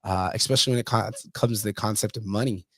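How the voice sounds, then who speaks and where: This podcast host talks fast, his lowish voice carrying a slightly bright edge, recorded clean in a studio with no echo. Laughing and swearing, he tells stories in casual conversation.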